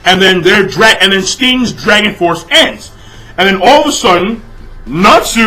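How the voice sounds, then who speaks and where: Over poor audio, a young man delivers an exasperated, casual manga chapter review full of swearing and fillers. His high-sitting voice is expressive and sharp-toned, and he keeps a measured pace.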